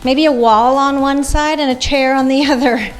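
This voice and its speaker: A woman's voice: high voice, fairly even intonation, moderate pace, faint music behind. A woman leading a guided workout class as fitness instructor, coaching moves and counting reps aloud.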